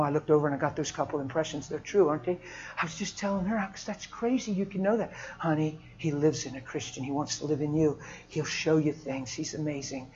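A man preaching a sermon in a storytelling way, swinging from hushed, soft lines to loud, laughing outbursts. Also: fairly high pitch, lo-fi sound.

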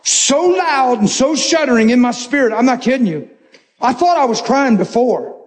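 Male pastor, high voice, animated and joking sermon storytelling. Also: normal speed.

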